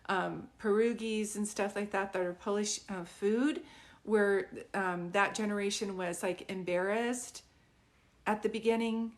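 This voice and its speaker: A woman working as a psychic medium, giving a live reading in a rambling, conversational way, full of fillers and often checking whether her words make sense. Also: medium pitch. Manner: keeps checking if it makes sense; earnest, pleading tone.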